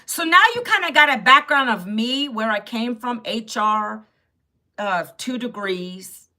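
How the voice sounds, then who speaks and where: A woman's voice: a little high, measured pace, bright, forceful tone. A woman in her fifties hosting a casual live stream, chatting with viewers and answering their comments as they come in. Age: 50s. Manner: chatty, talks straight to viewers' comments, laughs often.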